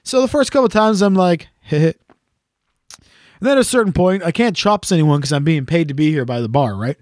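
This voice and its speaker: A man's voice: on the high side, fairly quick, dry recording, studio quality. A man hosting a casual chat, telling a teasing, swear-filled story about a gig he sang at. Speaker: podcast host and gigging singer.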